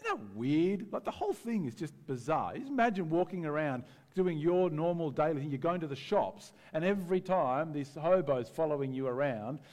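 Animated male preacher in a reverberant hall. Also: fairly high pitch, moderate pace, few pauses. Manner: conversational and animated, acting out voices. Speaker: pastor. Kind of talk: sermon.

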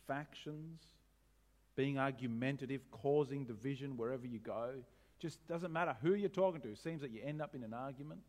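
A man preaching a sermon as pastor, animated, asking rhetorical questions with wry humor. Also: mid-range voice.

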